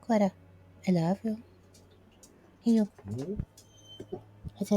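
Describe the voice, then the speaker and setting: A woman's voice: mid-range voice, fairly even intonation, takes it slowly, pauses often, dark tone, faint music behind. A middle-aged woman streaming a video game in casual chat, who often mumbles asides to herself. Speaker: gameplay streamer. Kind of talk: casual let's-play chat.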